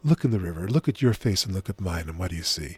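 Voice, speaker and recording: A man voicing a big grown male lion in a told fable, calm and commanding. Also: low-pitched, quick pace, husky, no echo, heavily acted.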